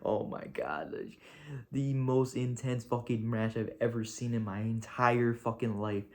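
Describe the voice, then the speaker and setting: A man goes through a wrestling show in a casual video review, his medium-pitched voice a little slow. He's excitable and gushing, swearing freely and rambling in slang.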